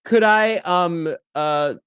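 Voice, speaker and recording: A man's voice: fairly high pitch, drawn-out words, a bit bright, smooth, lo-fi sound. A man playing in a tabletop game, chatting casually and laughing often. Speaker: player.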